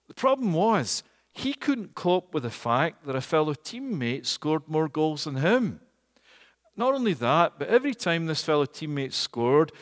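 A man from Scotland, preaching a storytelling sermon, animated and rising to loud emphatic peaks. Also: medium pitch. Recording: long hall reverb.

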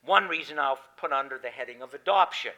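A man preaching a sermon on scripture, swinging between loud emphatic declarations and quiet asides. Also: mid-range voice, brisk, low-quality recording.

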